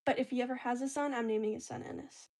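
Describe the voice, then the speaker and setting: A woman's voice: on the high side, steady tone, fast talker, darkish tone. Chatty, slangy woman craft vlogger. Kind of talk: casual chat while crafting.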